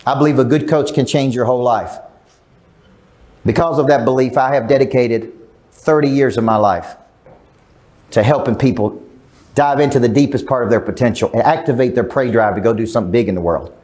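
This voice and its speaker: A man's voice: medium pitch, fairly quick, a little mellow. A middle-aged man giving a live seminar as a sales coach, emphatic, quizzing the crowd and acting out quotes. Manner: emphatic, asks the crowd questions, acts out quotes. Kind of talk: live seminar talk to an audience. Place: large event room.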